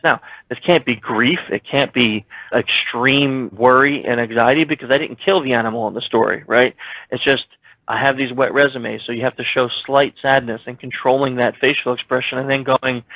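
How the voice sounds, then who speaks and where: A man's voice: medium pitch, moderate pace, no room sound, low-quality recording. A man guest in an interview, telling a story from his work and acting out the dialogue in it. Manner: animated, acts out dialogue in his stories. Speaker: security expert guest. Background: speaking while standing at his desk.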